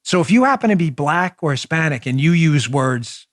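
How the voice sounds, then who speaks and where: High, dry-voiced animated male host. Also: normal speed, dry recording. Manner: animated and mocking, with big pitch jumps. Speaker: political talk show host. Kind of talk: opinionated commentary.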